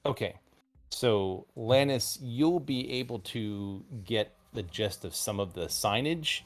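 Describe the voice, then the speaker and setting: A man with a low voice runs a tabletop game, painting the scene in slow, rambling stretches broken by fillers. Soft music sits quietly behind him. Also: expressive. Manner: rambling, halting descriptions with many fillers. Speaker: game master.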